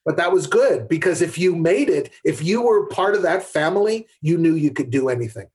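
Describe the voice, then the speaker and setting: A man's voice: a little high, animated, brisk, darkish tone, breathy edge. A middle-aged man, a guest on a podcast, telling candid stories from his camera career, often restarting his sentences. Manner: candid anecdotal storyteller with frequent restarts. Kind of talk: conversational storytelling.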